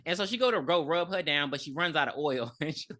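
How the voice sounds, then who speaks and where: A woman's voice: low voice, expressive, quick pace, fairly bright tone. A woman podcast host giving a casual, profane movie recap with emphatic storytelling.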